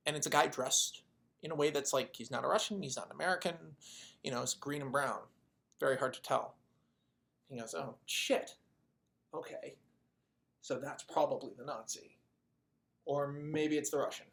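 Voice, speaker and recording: A video creator pitching a made-up movie plot in a casual, rambling way, swearing and acting out the characters' lines. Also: creaky, a bit bright. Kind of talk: casual storytelling.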